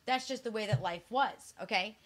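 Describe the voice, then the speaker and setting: A woman's voice: mid-range voice, moderate pace, fairly bright tone. A woman in her forties, co-hosting a casual chat, blunt and frank, swearing freely. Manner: frank, restless, many restarts. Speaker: podcast co-host.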